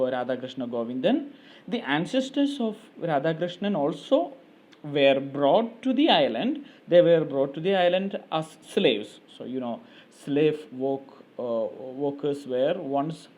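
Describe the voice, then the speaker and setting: A man's voice: fairly high pitch, darkish tone. A male teacher with an Indian English accent, reading a textbook aloud and explaining it line by line with many fillers. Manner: reads a sentence, then paraphrases it with many fillers.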